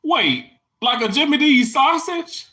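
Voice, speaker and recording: A woman from Mississippi with a Southern accent, chatting casually and excitedly with viewers on a livestream. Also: high voice, measured pace, low-quality recording. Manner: animated, exclamatory, talks straight to viewers. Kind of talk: casual live chat.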